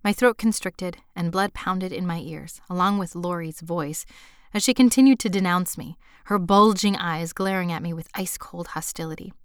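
A woman's voice: fairly low pitch, normal speed, clear, resonant tone, no room sound, studio quality. A woman narrating her own memoir in a subdued, intimate way. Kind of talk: first-person memoir narration.

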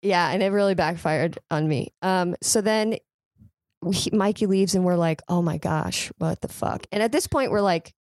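Young woman guest, low-ish voice, rambling comic storyteller, dry close sound. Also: moderate pace, no echo. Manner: lively, chatty, swears freely, heavy use of "like". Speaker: podcast guest. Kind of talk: casual comedic storytelling.

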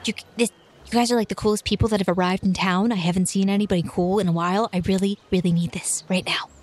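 A woman voicing an excitable, lonely young girl who pleads in quick bursts. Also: high-pitched, voice pushed up. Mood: eager.

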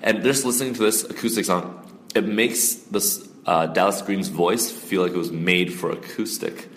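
A man hosting a casual music podcast, chatty and quick to exclaim in surprise. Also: sits low, roomy sound, big-room sound. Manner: excitable, quick to gasp and exclaim. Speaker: podcast host.

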